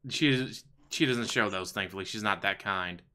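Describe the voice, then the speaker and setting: Bright, crisp-voiced man mocking on stream. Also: on the low side, moderate pace. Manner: profane, sarcastic, mocking. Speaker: stream host. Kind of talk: casual livestream commentary.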